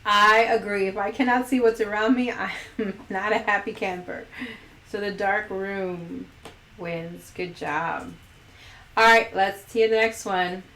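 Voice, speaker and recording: A woman's voice: medium pitch, steady tone, a little slow, a bit bright, roomy sound. Playful giggly woman hosting a stream. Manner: playful, giggly, reads poll questions aloud. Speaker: host. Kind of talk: casual livestream chat.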